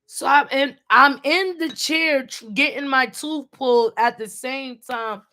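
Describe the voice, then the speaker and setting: Middle-aged mother, casual storyteller, streetwise and lively, does voices for the people in her story. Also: sits high, a little slow. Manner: animated, quotes people in voices, streetwise slang. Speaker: parent, vlogger. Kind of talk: casual storytelling while helping with homework.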